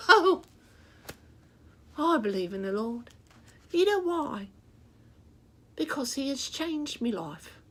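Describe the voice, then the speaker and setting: A woman's voice: high-pitched, very animated, slow, pauses often, full character voice. A woman voicing a chatty rooster puppet who reads Bible stories to children, with a sing-song, rhyming way of talking straight to the kids. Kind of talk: children's show reading.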